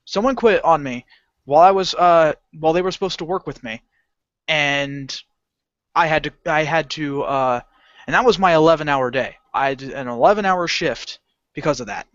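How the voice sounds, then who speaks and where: A man's voice: on the high side, normal speed. A young man co-hosting a podcast, telling a rowdy story about work and cursing freely as he acts out the people in it. The recording is dull and lo-fi, with a dry, close sound and no room echo. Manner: animated storyteller, swears a lot, acts out customers. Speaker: podcast co-host. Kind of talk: casual chat.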